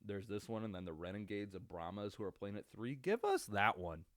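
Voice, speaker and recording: Recorded on a webcam at his home computer, this young podcast host runs a loose solo sports show full of swearing, filler words, and false starts. He speaks fairly quickly and very animatedly in a lowish voice, with no echo and studio-grade clarity.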